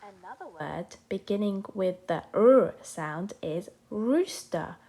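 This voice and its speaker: A woman teaching a children's phonics lesson, sounding out letters and animal names slowly and clearly for young learners. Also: medium pitch, expressive, dark tone.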